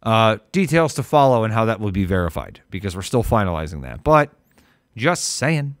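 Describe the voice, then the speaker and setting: A man's voice: on the low side, moderate pace, no echo, clean studio sound. A man with an Ohio accent co-hosting a casual tech livestream, rambling and joking, his voice jumping up when he gets worked up. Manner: animated, rambling, jokey, voice jumps when excited. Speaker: co-host of tech stream.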